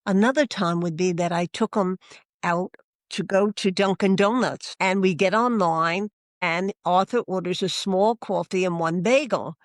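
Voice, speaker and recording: A religious sister telling a heartfelt story in conversation, lively and earnest, acting out remembered dialogue as she goes. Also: lowish voice, unhurried, no room sound, clean studio sound. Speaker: religious sister sharing her story as a guest.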